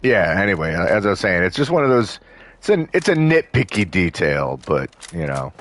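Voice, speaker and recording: Brief: deep-voiced male let's-play host, loose rambling gameplay chatter. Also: sing-song, normal speed, a bit bright, dry recording. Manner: rambling, full of fillers and restarts. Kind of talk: casual gameplay commentary.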